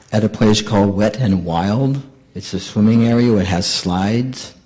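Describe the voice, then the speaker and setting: A middle-aged man giving a storytelling lecture as a visiting monk, acting out the dialogue of his stories. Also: lowish voice. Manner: animated, acts out dialogue.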